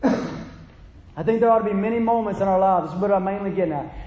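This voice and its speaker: A man's voice: high voice, brisk, warm tone. A man preaching a sermon with passion, pleading with listeners and acting out quotes. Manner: impassioned, pleading, acts out quotes. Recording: echoey hall.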